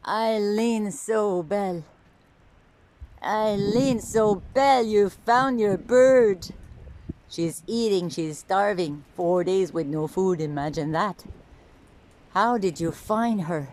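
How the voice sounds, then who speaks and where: A woman's voice: mid-range voice, slow, a little mellow. A woman filming and cooing to her pet birds, gushing with frequent exclamations. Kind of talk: casual talk to camera and to pets.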